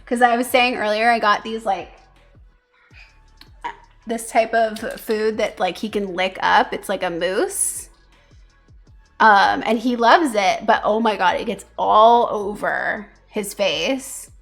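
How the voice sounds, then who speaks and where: A woman streaming casually, chatting with viewers and cooing softly to her pet between thoughts. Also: medium pitch, slow pace, creaky, soft background music. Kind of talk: casual livestream chat.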